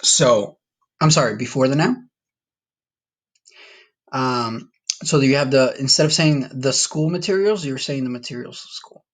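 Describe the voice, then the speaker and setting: A man's voice: mid-range voice, a little slow, long pauses. A man from Colombia teaching a Spanish vocabulary lesson in a casual, patient way, repeating words for students to practice. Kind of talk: recorded classroom lesson.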